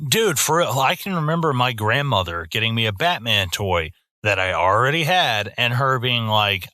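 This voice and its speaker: A young man co-hosting a podcast, chatting casually about a film, profane and animated. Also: medium pitch, moderate pace, few pauses, no room sound, clean studio sound. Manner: profane, animated storytelling with put-on voices. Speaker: podcast co-host.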